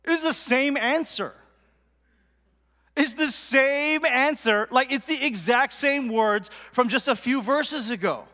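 A man preaches in a loose, conversational way, with fillers and asides to his congregation. His voice sits high and sounds bright. A long reverb trails his words through the church hall. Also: takes it slowly. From Portland. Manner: chatty, full of fillers, acts out quotes, drops to a whisper for effect. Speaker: pastor. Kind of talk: casual sermon.

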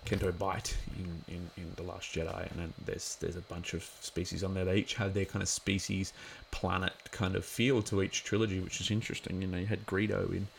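A man's voice: deep voice, level tone, a little fast, vocal fry, few pauses, slight background noise. A man giving a casual watch-along commentary of an episode, chatty and rambling with lots of filler words.

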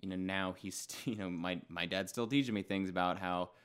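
A young man in casual podcast chat, rambling and restarting his sentences, now and then breaking into loud goofy bits. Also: deep voice, moderate pace, clean tone. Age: young adult.

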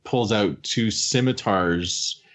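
A man with a very deep, low voice leads a casual podcast recap, walking through the plot scene by scene. He drops into quick quotes of the characters now and then, and keeps the chat going with friendly agreement. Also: fairly bright tone. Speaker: podcast host recapping episodes.

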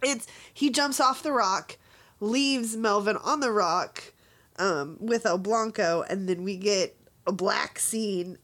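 A woman's voice: mid-range voice, slow pace, fairly bright tone. A woman co-hosting a podcast, casually recapping a movie with lots of laughter. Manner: giggly, retells scenes with quoted lines. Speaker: podcast co-host.

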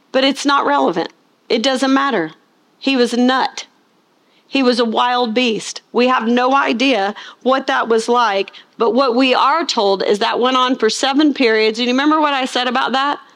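A woman preaching with a voice pitched a little above most women's. She leans hard on key words and keeps asking the congregation questions, pausing for them to answer before she presses on. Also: a bit bright. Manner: asks the congregation rhetorical questions; acts out scenes in funny voices. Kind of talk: sermon.

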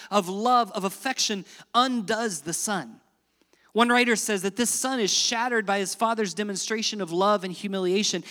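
A man preaching a sermon, swinging dramatically between loud emphatic lines and hushed, quiet ones. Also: high voice, in a large hall. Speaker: pastor.

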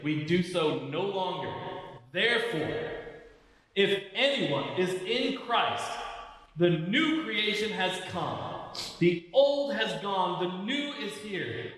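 A man preaching in a church sanctuary, his earnest sermon carrying through a long, echoing hall. His voice sits a little high for a man, and he leans hard on key words. He is heard from a distance, off the mic. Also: a bit bright. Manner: earnest preaching, slows and stresses key phrases. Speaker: pastor.

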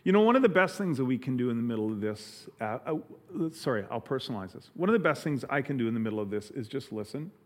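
A middle-aged man preaching a sermon, earnest and halting, often restarting his sentences. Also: medium pitch, animated. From Canada. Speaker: pastor.

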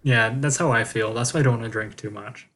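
A man in his twenties with a Bakersfield accent, chatting casually as a podcast co-host. He drops dry, quick one-liners. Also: mid-range voice, fairly bright tone. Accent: Bakersfield, California. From Bakersfield, California. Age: 20s. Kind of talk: casual chat.

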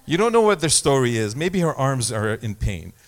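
A man's voice: mid-range voice, big pitch swings, moderate pace. A man preaching a sermon as pastor, talking in a conversational way with self-deprecating asides and small stories.

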